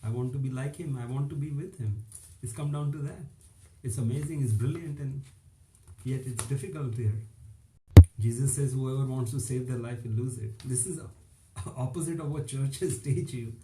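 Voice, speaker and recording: A man's voice: medium pitch, moderate pace, warm tone, echoey room, poor audio. A man preaching an informal online sermon, emphatic and repetitive, with little chuckles between phrases.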